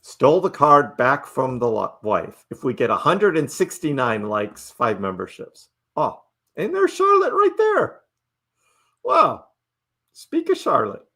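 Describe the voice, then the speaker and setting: A middle-aged man hosts a casual live stream, talking slowly with a gravelly edge to his voice. His delivery is chatty and lively, swinging up and down in pitch, and he reads out viewer messages and laughs often along the way. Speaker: livestream host.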